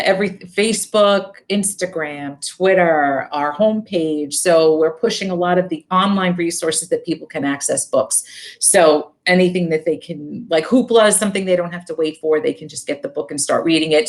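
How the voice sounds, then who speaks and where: A woman with a Brooklyn accent, a librarian chatting as a guest, upbeat and quick to laugh. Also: lowish voice. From Brooklyn, New York. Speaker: librarian and book-podcast guest. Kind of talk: casual chat.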